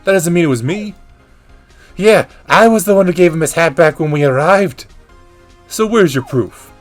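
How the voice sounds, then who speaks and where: A man's voice: fairly high pitch, expressive, normal speed, soft background music, voice pushed up, natural voice. A man voicing a smug, flippant male witness who brushes off every question.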